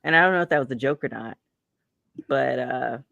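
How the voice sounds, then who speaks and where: An easygoing co-host on a wrestling podcast, speaking at a middle pitch. They read out news items with hesitant fillers and a relaxed pace. The recording is dry and close, with no room sound around the voice. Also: fairly quick, creaky, no echo, lo-fi sound. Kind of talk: casual wrestling podcast chat.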